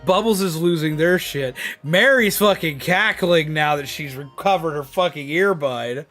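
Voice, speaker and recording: A man streaming live, telling a story casually and excitedly, cursing freely and using lots of fillers. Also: a little high, unhurried, faint music behind. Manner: excitable, swears a lot, many fillers.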